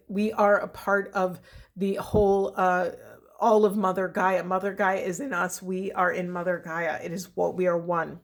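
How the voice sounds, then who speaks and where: A middle-aged woman talks softly through a spiritual card reading to her viewers. Her voice sits at an ordinary pitch, and her talk is earnest and meandering, filled with pauses, "um"s and gentle "right?"s. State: voice shaking with emotion. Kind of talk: intuitive card reading to camera.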